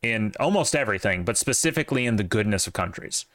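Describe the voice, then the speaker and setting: A man's voice: lowish voice, expressive, fast talker, fairly bright tone, no room sound, clean studio sound. Opinionated man in casual podcast banter. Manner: opinionated, rambling with many fillers. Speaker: podcast co-host. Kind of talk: casual chat.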